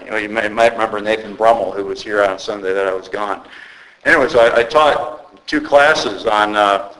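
A man's voice: fairly low pitch, a bit bright, poor audio. A male pastor preaching a sermon in an earnest, conversational way, often restarting his phrases. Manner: earnest, halting with repeated restarts.

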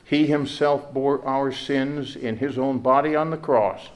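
A man's voice: medium pitch, fairly even intonation, a little slow. A male pastor preaching a sermon in earnest, often repeating words and rising to emphatic peaks.

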